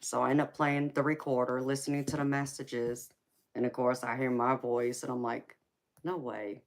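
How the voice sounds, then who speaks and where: A woman's voice: extremely low pitch, level tone, moderate pace. A woman with a Southern US accent, hosting a tarot reading live stream in a casual, folksy chat and calling her listeners baby, sweetheart and honey.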